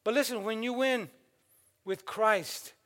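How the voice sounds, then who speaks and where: A man's voice: high-pitched, slow pace, fairly bright tone. An older man preaching a sermon, exhorting the congregation and calling out for amens. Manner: exhorting, calls for amens and asks the congregation questions.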